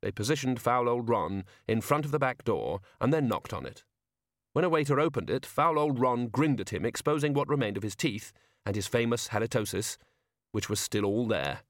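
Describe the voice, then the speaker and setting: A man reading a novel aloud as an audiobook narrator, with wry, expressive storytelling. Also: mid-range voice, normal speed, dry recording, clean studio sound. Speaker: audiobook reader. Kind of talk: scripted narration.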